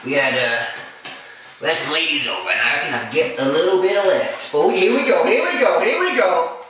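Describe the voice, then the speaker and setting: A man's voice: a little high, animated, brisk, natural voice. A man putting on a parody impression of a crude male Hollywood actor who rambles profanely about craving drugs. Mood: boastful. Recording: echoey room, far from the mic.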